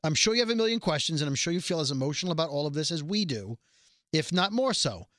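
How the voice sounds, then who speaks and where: Guy podcast host, bright higher voice, talks fast and loose, dry close mic. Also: sing-song, no echo. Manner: quick, chatty, reads aloud from a letter. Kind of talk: casual chat.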